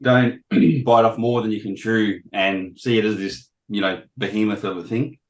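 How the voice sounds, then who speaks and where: Guy with a deep voice losing it, keeps clearing his throat, casual talk over a call. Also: fairly even intonation, normal speed, poor audio. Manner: frequent throat-clearing, self-deprecating. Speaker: guest trader sharing experience. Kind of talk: casual presentation on a video call. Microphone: video call.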